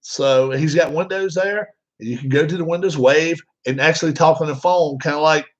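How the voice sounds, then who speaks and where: A man's voice: fairly high pitch, moderate pace. A man chatting casually to his viewers, rambling, with many fillers and restarts. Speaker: vlogger. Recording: dull lo-fi sound.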